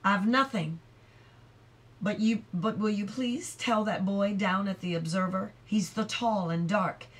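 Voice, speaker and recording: An anxious young apprentice boy in a storybook, pleading his case in a raised, strained voice, as a woman acts him out. He speaks slowly, pushing his words up in pitch. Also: close to an everyday voice.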